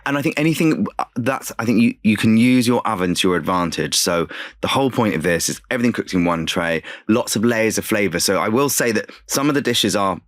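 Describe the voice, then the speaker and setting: A man's voice: fairly low pitch, animated, brisk, dry recording. A man, a chef, talking as a guest on a radio show, enthusiastic and chatty with frequent restarts. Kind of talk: casual interview chat. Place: radio studio.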